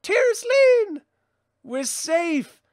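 Male comic reader, measured and slow, with a dry close-mic sound. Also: very high-pitched, very animated, no echo. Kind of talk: reading a comic aloud.

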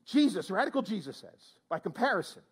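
A male preacher with a strikingly high voice delivers a sermon to his congregation in church. His pitch swoops up and down as he exclaims and throws questions out to the room. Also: big pitch swings, a little fast, breathy edge. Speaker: pastor.

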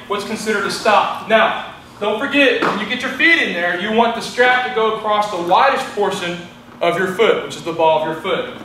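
A high-pitched man with a Texan accent works as an instructor, explaining a rowing test in plain, repetitive terms and checking in with "okay?" while he demonstrates. He's recorded from a distance in an echoey room with a noisy background.

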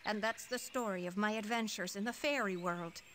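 A woman's voice: medium pitch, a little fast, a bit bright, a little hiss or hum, lightly acted. A woman voicing a young boy who recounts his adventures in rhymed verse for an educational computer game. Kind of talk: 1990s educational game voice acting.

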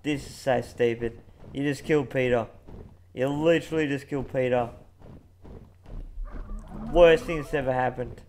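A man playing a co-op game, excitable, swinging from muttering to yelling. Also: on the high side, moderate pace, pauses often, a little hiss or hum. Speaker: gamer. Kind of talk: casual co-op gaming chat.

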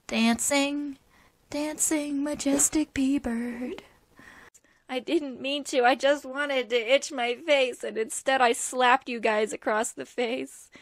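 A woman hosting a game video, talking through her gameplay in an excitable, jokey way with silly asides. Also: high voice, takes it slowly, no echo. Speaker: gaming channel host. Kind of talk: playful gameplay commentary.

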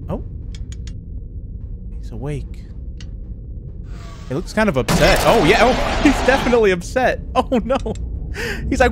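A man hosting a let's play video, reacting with lots of excited exclamations. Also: fairly high pitch, normal speed, pauses often, background noise. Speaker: gaming video host.

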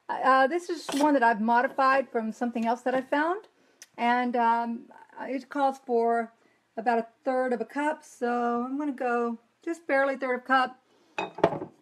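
A woman with a light Southern US accent hosting a live cooking demonstration, chatting as she works and reading viewer comments aloud. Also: high voice. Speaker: cooking demo host. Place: home kitchen.

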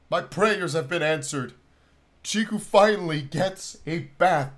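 A man reacting to an animation on his channel, excitable and gushing, with loud outbursts. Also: fairly high pitch, unhurried. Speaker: video reactor.

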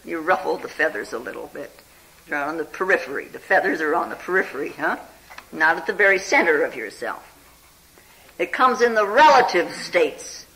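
A meditation teacher's talk with a bright, keen tone and a voice that swoops freely up and down. The delivery is unhurried and chatty, full of "you know" and little questioning "huh?" prompts to the listeners. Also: medium pitch, lively intonation, rough recording. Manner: often checks in with listeners with "hmm?" and "huh?". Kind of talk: spiritual talk telling a Zen story.

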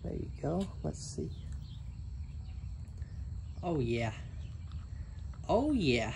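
A man chatting casually to viewers outdoors on a farm, coaxing his goats in a gentle sing-song. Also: high-pitched, wildly swooping pitch, takes it slowly, vocal fry, pauses often, husky. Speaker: homesteading vlogger. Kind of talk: casual vlog chat.

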